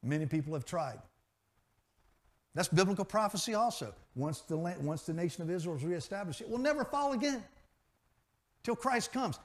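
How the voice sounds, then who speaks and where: Male preacher, high voice, dynamic delivery with loud peaks and quiet asides. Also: lively intonation, normal speed, long pauses. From grew up in a pastor's family. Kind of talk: sermon.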